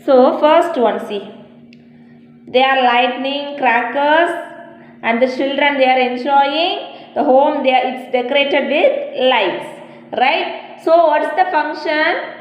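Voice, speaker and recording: A woman's voice: sits high, slow, muffled recording. A woman teacher, giving a lesson to young children, repeating each question and spelling the answers letter by letter. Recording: echoey room with long reverb.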